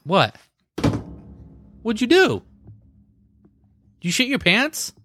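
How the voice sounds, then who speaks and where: A man's voice: sits high, huge pitch swings, slow, pushed and bright, dry recording. A man co-hosting a podcast, joking, swearing and laughing often in casual banter. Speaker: podcast co-host.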